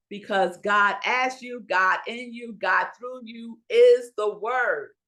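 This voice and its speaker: A woman minister preaching a Sunday sermon, slow and emphatic, asking the congregation rhetorical questions and pausing for effect. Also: mid-range voice, fairly bright tone.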